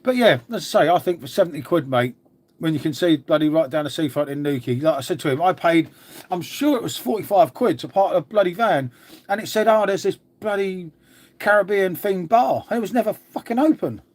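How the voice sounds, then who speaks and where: This middle-aged Englishman reads viewers' comments aloud during a casual live stream, speaking bluntly and matily with plenty of swearing. His voice is pitched a bit above the typical man's, expressive, quick, and slightly mellow.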